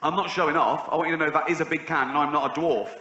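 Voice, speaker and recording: A middle-aged English comic delivers a rapid-fire stand-up set in a big theatre, keeping his stories deadpan until he shrieks high-pitched impressions of others. The muffled recording captures a roomy hall full of audience laughter.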